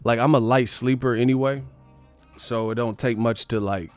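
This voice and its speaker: A man casually telling a wild, profane story on his livestream, emphatic and animated. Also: mid-range voice, moderate pace, smooth, soft background music. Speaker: boxing livestream host.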